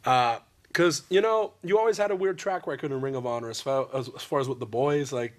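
A man's voice: mid-range voice, fairly quick. A man interviewing a friend, telling long rambling stories bluntly and swearing freely. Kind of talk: candid interview conversation.

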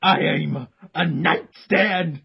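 A man's voice: on the high side, extremely slow, creaky, heavily acted. A man voicing a nervous, overeager male fan dressed as furniture in a comic read-through over a call. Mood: nervous eager. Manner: nervous, eager, breaks into yelps. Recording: dull lo-fi call audio.

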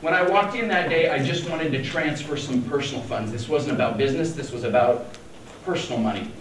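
A conference speaker from Denver, Colorado, a man in his forties, tells a funny, self-deprecating keynote story with wry humor. He talks fairly quickly at medium pitch, heard through a distant mic in an echoey hall with faint noise.

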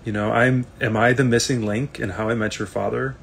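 A man, an actor, chatting casually on a live video stream, reading fan comments aloud and answering them in a relaxed, rambling way. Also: medium pitch, fairly quick, gravelly, slight background noise.

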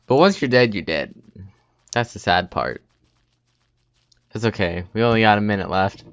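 Excitable young man taunting during gameplay. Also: mid-range voice. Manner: taunting, excitable, laughs often. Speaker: gaming YouTuber. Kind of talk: casual gameplay commentary. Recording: faint game noise behind.

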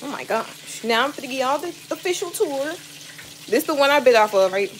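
Filming a late-night cooking vlog on her phone, a woman talks casually to her viewers from her home kitchen in a high, animated, brisk voice. Loud frying dominates the phone audio, with sizzling oil and a running tap behind her.

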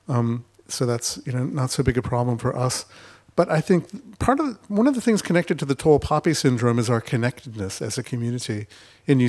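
A man speaking as an investor on a festival panel discussion, talking with lively storytelling and acting out quotes. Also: mid-range voice. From United States. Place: festival stage.

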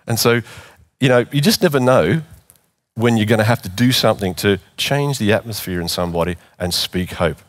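A man's voice: fairly low pitch, lively intonation, a little fast. A middle-aged man preaching in church, earnest and repeating phrases for emphasis. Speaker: pastor. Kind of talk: sermon.

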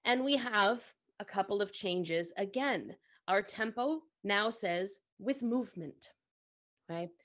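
A woman's voice: mid-range voice, lively intonation, takes it slowly, fairly bright tone. Woman explaining music, chatty and patient. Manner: conversational, often checks in with "right?". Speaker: co-host and music teacher.

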